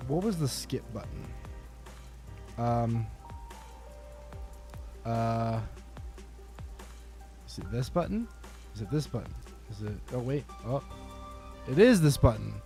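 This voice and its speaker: A man streams a game from his desk at home, narrating his frustration in an unhurried, gravelly voice. He swears and pleads melodramatically at the screen. Soft game music plays faintly behind him. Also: medium pitch, animated. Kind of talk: live gameplay commentary.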